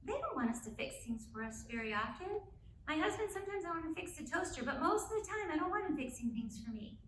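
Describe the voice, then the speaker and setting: Bright, high-voiced woman speaking in an echoey hall. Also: quick pace, a little hiss or hum. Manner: energetic, keeps checking in with "right?". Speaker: parenting speaker. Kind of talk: live talk to an audience. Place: school auditorium. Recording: echoey room, mic from a distance.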